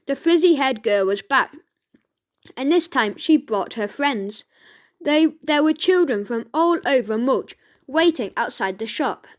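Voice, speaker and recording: A woman reading a children's audiobook aloud, slowly and with the odd stumble and self-correction. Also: high voice, expressive. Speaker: reader.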